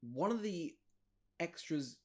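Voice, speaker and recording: Lively-voiced man rambling through a film recap. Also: on the high side, slow pace. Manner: rambling, playful, lots of laughing. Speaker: podcast co-host. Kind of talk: casual comedic film recap.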